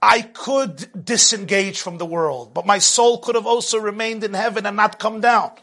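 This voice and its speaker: Male religious teacher preaching; high, bright voice; lively delivery that swings between hushed and loud. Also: normal speed. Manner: animated, swings from hushed to loud, laughs at own jokes. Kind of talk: sermon.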